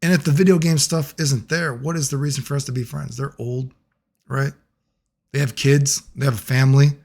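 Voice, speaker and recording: A man telling a long personal story in a casual monologue, rambling and profane, getting animated when he quotes other people. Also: mid-range voice, normal speed, gravelly. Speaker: video creator.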